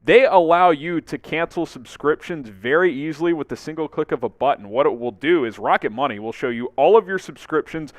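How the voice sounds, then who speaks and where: A man's voice: on the high side, expressive, a little fast, few pauses, dry recording. Upbeat man hosting a live sports stream. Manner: upbeat, shouting out viewers by name. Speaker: sports show host. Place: studio.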